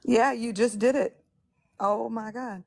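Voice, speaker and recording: A sick woman with a raspy voice, teasingly hosting a live chat stream. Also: fairly high pitch, fairly even intonation, a little slow, a little mellow, a little hiss or hum. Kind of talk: casual chat.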